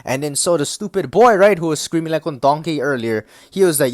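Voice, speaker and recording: A man's voice: on the high side, lively intonation, fast talker, hardly any pauses, no room sound, studio quality. A young man ranting casually to his viewers, swearing often and checking in with "right?" and "bro". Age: young adult. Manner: profane, repetitive, keeps asking "right?". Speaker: vlogger. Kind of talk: casual rant to camera.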